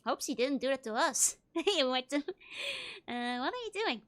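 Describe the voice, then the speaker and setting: Young woman streamer, giggly and chatty, bright voice. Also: high-pitched, big pitch swings, unhurried. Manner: giggly, reassuring herself aloud. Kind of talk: casual gameplay commentary.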